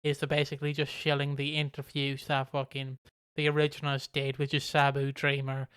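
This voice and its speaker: Smooth-voiced man chatting casually. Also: medium pitch, monotone, a little fast, a bit bright, no room sound, clean studio sound. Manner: rambling, swears, acts out quotes. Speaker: podcast co-host. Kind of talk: casual chat reviewing wrestling.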